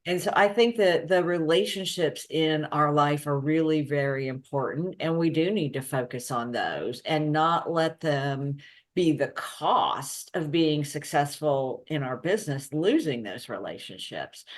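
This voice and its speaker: A woman's voice: sits low, unhurried. A woman hosting an interview, speaking in an earnest, reflective way. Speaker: host. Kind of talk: interview conversation.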